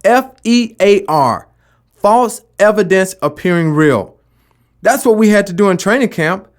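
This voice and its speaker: A man's voice: sits high, animated, unhurried. A man giving a motivational talk about never giving up, with emphatic delivery and rhetorical questions. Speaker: motivational speaker.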